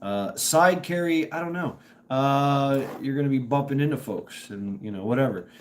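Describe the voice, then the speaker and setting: A middle-aged man hosts a casual live stream, his voice strained and hoarse. He rambles and stops and starts, greeting viewers by name at a medium pitch. A faint hiss sits under the recording. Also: lively intonation, normal speed. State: strained voice from dusty work.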